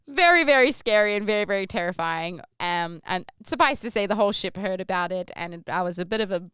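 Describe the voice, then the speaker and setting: A young woman telling a story casually as a podcast host, animated and acting out the quoted voices. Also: medium pitch, normal speed, smooth, no room sound, studio quality.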